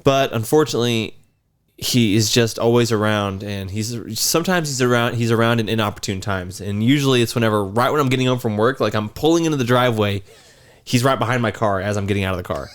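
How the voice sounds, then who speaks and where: A man's voice: medium pitch, fast talker. A man in his thirties casually telling a long, rambling story on a podcast. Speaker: podcast co-host.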